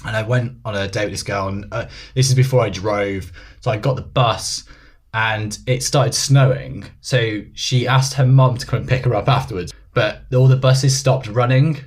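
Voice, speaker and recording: A man's voice: lowish voice, fairly even intonation, normal speed. A young English man co-hosting a podcast, telling stories with a wry, anecdotal manner. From England. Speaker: podcast co-host. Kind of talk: casual chat.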